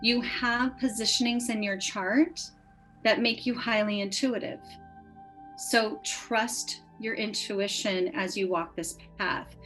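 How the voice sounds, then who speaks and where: A woman's voice: medium pitch, steady tone, slow, fairly bright tone, soft background music, rough recording. A woman astrologer reading a birth chart, speaking in an earnest, encouraging way.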